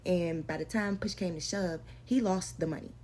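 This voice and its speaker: A woman's voice: on the low side, moderate pace, dark tone, a little hiss or hum. A young adult woman telling her own story in a casual storytime vlog, slangy and emphatic, repeating lines for effect.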